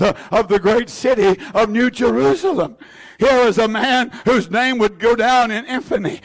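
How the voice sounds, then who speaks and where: A male preacher giving a fervent sermon in a church, repeating his phrases with many "uh" fillers and swinging between shouts and hushed tones. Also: very high-pitched. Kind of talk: impassioned sermon.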